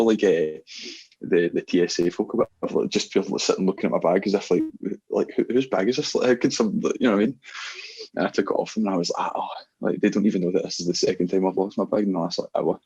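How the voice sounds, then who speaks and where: A young man with an Ayrshire Scottish accent telling laughing, animated stories in casual podcast chat. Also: deep voice, husky, muffled recording. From Scotland. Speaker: podcast guest, DJ.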